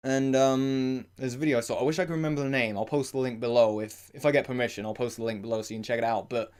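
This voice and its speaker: A man's voice: medium pitch, clear, resonant tone. A man casually explaining singing technique in a rambling, conversational way, full of "you know" fillers and short sung demonstrations. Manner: breaks into short sung and shouted vocal demos. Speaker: singing vlogger.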